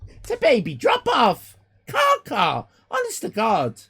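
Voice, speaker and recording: Irish man, 50s, live-stream host, bright tense voice, big swoops in pitch, loud and joking. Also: wildly swooping pitch, slow, husky. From Ireland. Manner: loud, exclaiming, swears and jokes, rambling restarts. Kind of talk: casual live-stream chat, reacting to chat messages.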